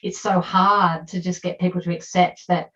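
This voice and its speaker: A woman's voice: fairly low pitch, little pitch movement, moderate pace, fairly bright tone. Earnest Australian woman, dull audio. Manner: earnest, emphatic, emotional. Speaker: academic panelist. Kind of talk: online seminar discussion.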